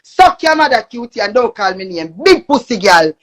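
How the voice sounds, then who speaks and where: A young woman with a Jamaican accent ranting angrily on a live stream, cursing and shouting. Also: on the high side, very animated, moderate pace. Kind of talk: angry live-stream rant.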